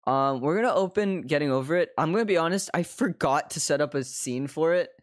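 A man's voice: on the high side, a little fast. A young man live streaming from his desk at home, chatting casually, swearing constantly, laughing often and slipping into other accents.

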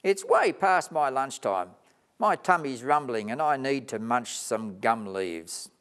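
A man's voice: medium pitch, expressive, unhurried, fairly bright tone, smooth. A man voicing an impatient, hungry female koala in a children's story. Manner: impatient, complaining.

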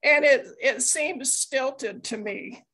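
A woman's voice: high-pitched, slow, pushed and bright, husky. A woman taking part in an online workshop, speaking hesitantly and restarting her sentences. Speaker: workshop participant. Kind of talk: casual discussion. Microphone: video call.

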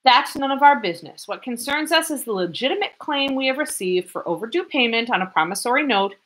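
A woman's voice: on the high side, fairly bright tone, pitched above the performer's own voice, rough recording. A woman voicing a smug male head clerk who explains rules officiously. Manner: officious, matter-of-fact.

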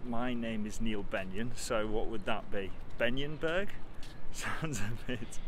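A man's voice: on the low side, slow. A man chatting casually as a travel vlogger, rambling with wry joking asides, filming himself outdoors in a town. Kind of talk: casual travel vlog chat. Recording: outdoor street noise.

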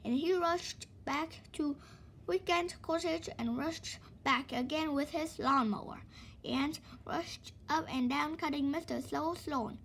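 Brief: woman storyteller, high voice, expressive children's book read-aloud. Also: slow, a little hiss or hum. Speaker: storybook reader.

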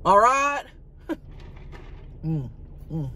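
A woman's voice: medium pitch, big pitch swings, very slow, pushed and bright, full character voice. A woman playing a brash, crude trailer-park wife who chats crudely while eating in a parked car. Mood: chatty. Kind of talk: comedic mukbang character sketch.

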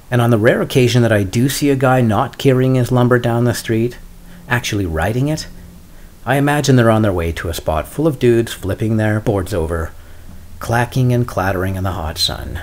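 A middle-aged man hosting a solo podcast, talking in a wry, deadpan way with sarcastic asides. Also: medium pitch, fairly quick. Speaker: podcast host.

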